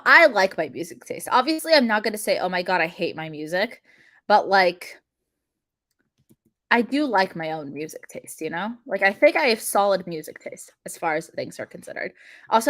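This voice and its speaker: A woman's voice: mid-range voice, expressive, brisk, fairly bright tone, no room sound, clean studio sound. Young woman, livestream coding host, chatty and filler-heavy, mid-range voice. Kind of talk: casual livestream chat while coding.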